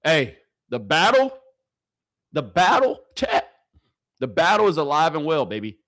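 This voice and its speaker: A man's voice: a little high, huge pitch swings, unhurried, a bit bright, dry recording, studio quality. A man giving hyped, slangy sports commentary over practice clips, repeating lines and talking straight to his viewers. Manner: hyped, repetitive, slangy delivery addressing viewers.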